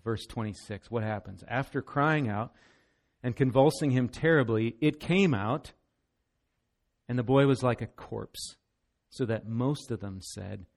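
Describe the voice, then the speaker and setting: A man's voice: lowish voice, gravelly, a little mellow. A man preaching a sermon as pastor, earnest and emphatic, often repeating words as he goes.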